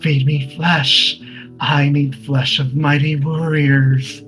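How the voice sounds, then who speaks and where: A man's voice: on the high side, level tone, a bit bright, faint music behind. A man putting on a hungry ancient weapon spirit. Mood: hungry, commanding. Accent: draconic fantasy accent. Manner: slow, commanding.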